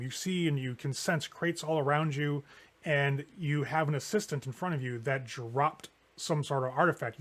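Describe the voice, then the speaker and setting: Guy running a tabletop game, kinda high voice, lots of likes and uhs. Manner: relaxed storyteller with many fillers. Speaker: game master.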